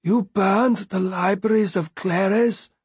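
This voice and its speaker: A man voicing a battered, gentle man who speaks faintly in a slurred, sorrowful voice. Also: sits high, fairly even intonation, takes it slowly, husky, dry recording, voice pushed up, full character voice.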